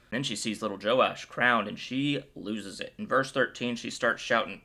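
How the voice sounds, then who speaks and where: Guy doing a chill bible breakdown, bright clear voice, jokey and upbeat. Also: lowish voice, brisk, few pauses. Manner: playful and joking; upbeat and enthusiastic. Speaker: Bible video host. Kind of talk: casual Bible commentary.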